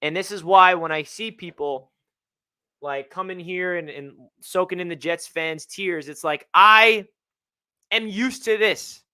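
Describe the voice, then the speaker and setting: A young man hosting a live fan reaction stream, reading out donations and venting about his team with swings between gloom and excitement. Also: sits high, a little slow, clean tone. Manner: emotional, reads out donor messages, swings between gloomy and fired-up. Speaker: livestream host.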